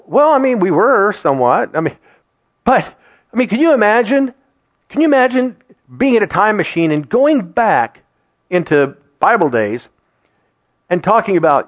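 A middle-aged man preaching a sermon to his congregation in an animated, conversational way. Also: high-pitched, normal speed, long pauses. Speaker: pastor. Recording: dull lo-fi sound.

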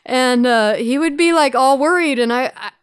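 A woman speaking with a smooth, resonant voice set a little high, talking in a candid, chatty way and laughing at herself. Her sound is dry and close to the mic. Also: moderate pace, dry recording. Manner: chatty and self-mocking, laughs often, many fillers. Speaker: guest. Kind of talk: candid recovery podcast talk.

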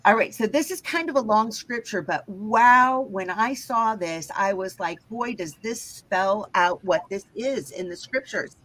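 A woman's voice: medium pitch, measured pace, hardly any pauses, fairly bright tone, rough recording. A woman teaching scripture in an emphatic way, often checking in with her listeners. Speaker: Bible teacher.

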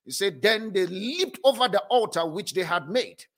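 Male pastor, high bright voice, emphatic sermon delivery, slow scripture reading. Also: lively intonation. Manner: preaching with emphatic declarations and slow drawn-out reading.

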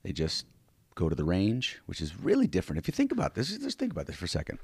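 Deep, lively-voiced male podcast co-host. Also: quick pace, husky, no room sound. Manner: animated, many restarts and tag questions. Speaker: self-defense instructor. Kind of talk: casual chat.

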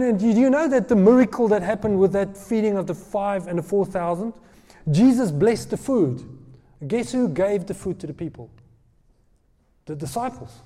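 A man preaching a sermon, retelling a scripture story with lively, acted-out voices. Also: high voice. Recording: long hall reverb.

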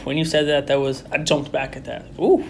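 A man's voice: medium pitch, level tone, fairly quick, vocal fry, a little hiss or hum. A man hosting a casual podcast interview, upbeat and enthusiastic, laughing easily. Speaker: podcast host.

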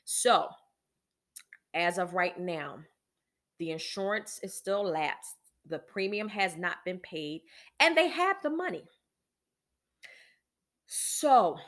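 A woman's voice: mid-range voice, fairly bright tone. Emphatic woman venting in a podcast monologue. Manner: emphatic, exasperated storytelling with frequent restarts; direct address to listeners, preacherly. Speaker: podcast host. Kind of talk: candid personal monologue.

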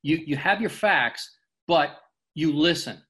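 A man's voice: on the high side, sharp tone. A man being interviewed, speaking earnestly and often repeating words as he gathers his thoughts. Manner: earnest, halting, repeats words while thinking. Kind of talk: casual interview conversation.

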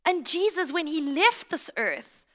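A woman giving a lively, conversational sermon in church, acting out little quotes as she tells stories. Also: high-pitched, unhurried. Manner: animated storytelling with acted-out quotes. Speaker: pastor.

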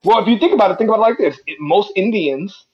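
A man's voice: high-pitched, lively intonation, quick pace, a crowd in the background. Blunt young man on a dull mic. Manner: blunt, opinionated, swears casually. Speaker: podcast co-host. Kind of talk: casual chat.

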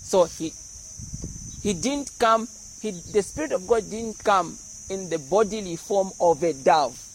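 High-voiced preacher. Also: male voice, unhurried, slight background noise, poor audio. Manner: animated, explains verses with humor and acted-out voices. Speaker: pastor. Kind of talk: sermon.

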